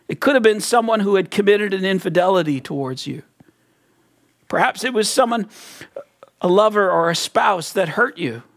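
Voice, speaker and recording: A man preaching a sermon as a pastor, retelling a parable in an earnest storytelling manner. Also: high-pitched. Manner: earnest storytelling preacher, acts out quoted voices.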